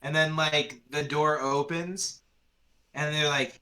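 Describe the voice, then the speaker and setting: A man's voice: fairly high pitch, little pitch movement, takes it slowly, sharp tone, slight background noise. A man narrating a tabletop game as its game master, in loose storytelling full of fillers. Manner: loose, filler-heavy storytelling with sung sound effects.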